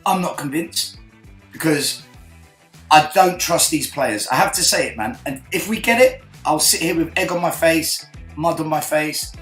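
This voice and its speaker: A man hosting a fan call-in show, telling a lively, swearing story in casual chat. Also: fairly high pitch, moderate pace, roomy sound, faint music behind, low-quality recording.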